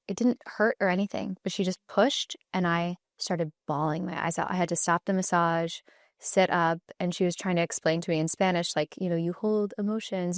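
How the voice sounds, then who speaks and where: A woman with a slightly low voice who hosts a podcast and talks in a chatty, easygoing way, dropping "like" into her sentences. The recording is dry and close. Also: no echo. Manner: chatty, relaxed, frequent "like" fillers. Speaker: podcast host. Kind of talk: casual podcast interview.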